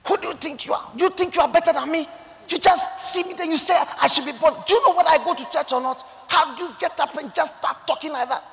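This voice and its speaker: A man voicing a proud businessman who shouts indignantly at him in a public place. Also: very high-pitched, fast, gravelly, big-room sound, voice pushed up, heavily acted.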